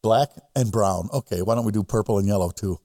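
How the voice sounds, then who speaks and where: A man co-hosting a casual podcast chat who jokes loudly and acts out quoted voices. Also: lowish voice, a little fast, dry recording, studio quality. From Midwest United States. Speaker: podcast co-host.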